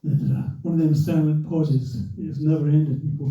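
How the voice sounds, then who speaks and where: An older man spins an animated story for a club audience, acting out every voice he quotes. His voice sits fairly high for a man and comes from some way off the mic. It rings around an echoey hall on a dull, lo-fi recording. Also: normal speed, distant mic. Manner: animated, acts out quotes and a commentator's voice. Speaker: former racer telling a story to a club audience. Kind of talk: anecdotal storytelling. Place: club room.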